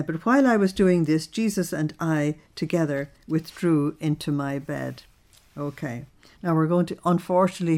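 A woman with a fairly low voice reads a devotional diary aloud and stops now and then to explain it. Her manner is earnest and reflective. She gives the quoted prayers real feeling. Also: a little mellow. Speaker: religious teacher.

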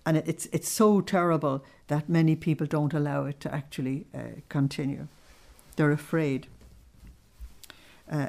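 Woman, deep low voice, religious teacher, measured and explanatory with small-group listeners. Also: creaky, warm tone. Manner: measured, explaining with plain everyday examples.

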